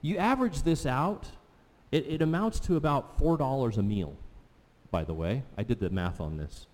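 Mellow-voiced man preaching in a reverberant hall. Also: medium pitch, animated, normal speed. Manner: conversational, asks the congregation questions. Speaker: pastor. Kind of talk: sermon.

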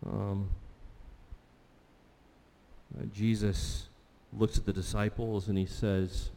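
Mellow-voiced man preaching in a reverberant hall. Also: on the low side, level tone, slow, vocal fry, pauses often. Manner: conversational, asks the congregation questions. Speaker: pastor. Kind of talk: sermon.

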